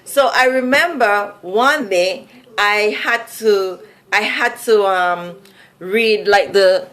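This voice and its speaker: Her voice on the high side and fairly bright, an adult woman from Saint Vincent recounts a personal story in her Vincentian accent, casual and chatty, with plenty of "like" and "you know" fillers.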